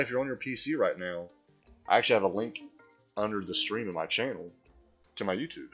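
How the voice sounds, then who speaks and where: A man's voice: deep voice, big pitch swings, normal speed, creaky, long pauses, a bit bright, faint music behind. A man live-streaming a video game, chatting casually and answering viewers from chat.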